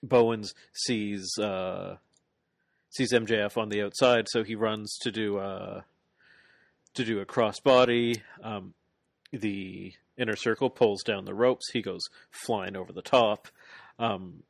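A man co-hosting a casual podcast, recapping a wrestling match in a rambling, animated play-by-play full of fillers. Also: fairly low pitch, slow pace, creaky, dry recording. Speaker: podcast co-host.

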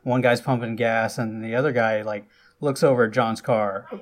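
Man, middle pitch, casual film recap, chatty, loose asides, lively bursts, podcast host. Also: moderate pace.

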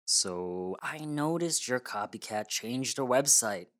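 An actor playing a scheming young man in an audio drama, with a dry, deadpan, matter-of-fact delivery. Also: medium pitch, slow pace. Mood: sly.

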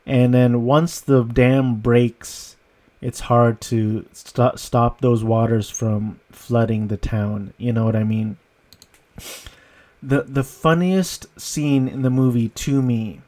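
A man's voice: mid-range voice, warm tone. A man giving a casual, rambling movie review, amused and often breaking into laughter. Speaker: film reviewer.

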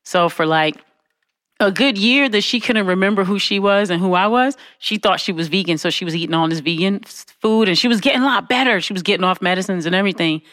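A woman's voice: mid-range voice, quick pace, fairly bright tone, no echo. Woman co-host, chatty storyteller who acts out quotes with laughs, recorded dry. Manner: conversational, with frequent "you know what I'm saying". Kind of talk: casual storytelling chat.

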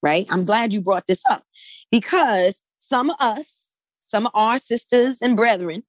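A woman's voice: on the high side, measured pace, no room sound. A woman speaking as a guest in a conversational discussion, emphatic and often checking in with "right?".

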